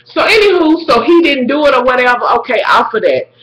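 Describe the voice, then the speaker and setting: A woman recapping a TV drama episode in a casual video, animated and full of swearing as she talks straight to her viewers. Her voice is bright and a little sharp. The room is echoey around her. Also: high-pitched, a little fast.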